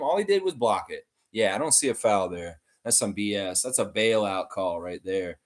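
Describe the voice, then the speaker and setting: A man hosting a live watchalong stream, giving excited fan play-by-play and trash talk. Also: on the low side, moderate pace, few pauses. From Canada. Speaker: livestream host.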